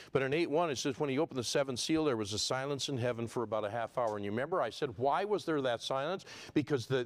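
In this expository sermon, the male preacher swings between loud, forceful climaxes and soft, low passages. His delivery follows a repeating listing rhythm.

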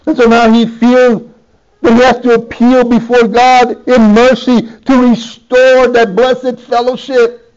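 Male preacher, very high voice, fervent pleading delivery, dull lo-fi recording. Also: level tone, slow, darkish tone, clear, resonant tone. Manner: fervent, pleading, rising to high impassioned cries. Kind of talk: evening sermon.

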